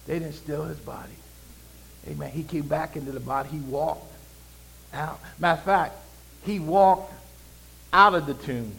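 Male pastor, high voice, call-and-response preaching, shifts from loud proclaiming to quiet asides. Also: normal speed, gravelly, pauses often, poor audio. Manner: swings between loud proclaiming and low conversational asides. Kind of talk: sermon.

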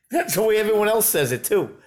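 A man's voice: high-pitched, lively intonation, a little fast. A father chatting with his child, asking playful questions and teasing. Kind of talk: casual chat with his child.

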